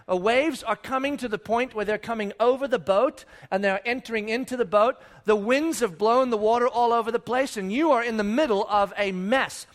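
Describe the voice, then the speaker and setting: Very high-voiced man preaching a sermon. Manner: animated storytelling with rhetorical questions; conversational, addresses listeners directly. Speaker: pastor.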